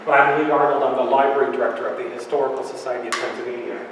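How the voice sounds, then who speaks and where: A man's voice: medium pitch, fairly even intonation, very fast. A man in his fifties, out of breath, hosting a public talk as library director, chatty and joking with the audience. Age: 50s. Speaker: library director and event host. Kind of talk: welcoming remarks at a public talk. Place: lecture room in a historical society. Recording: echoey hall recorded from far off with noise.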